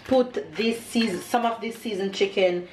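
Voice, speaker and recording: A woman's voice: mid-range voice, moderate pace, darkish tone, reverberant, slight background noise. A woman with a Jamaican accent, a mother chatting casually to the camera in her home kitchen, upbeat and motivational while she multitasks. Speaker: mother and family vlogger. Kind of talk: casual vlog talk to camera.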